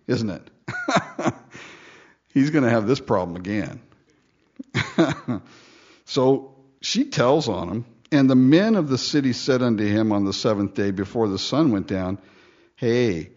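A man preaching a sermon in a joking way, acting out the story in voices. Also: fairly low pitch. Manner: animated, joking, acts out the lines in voices. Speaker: pastor. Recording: dull, lo-fi sound.

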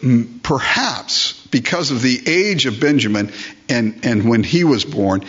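Older male pastor, sermon delivery, rhetorical questions, mid pitch, slightly husky; muffled recording. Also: fairly bright tone. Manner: emphatic, repeats phrases, asks rhetorical questions.

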